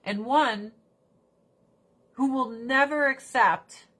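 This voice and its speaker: A woman hosting a casual livestream chat, animated and fond of swearing, slipping into mocking put-on voices. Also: high-pitched. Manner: swears casually, talks fast then drags words out. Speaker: livestream host.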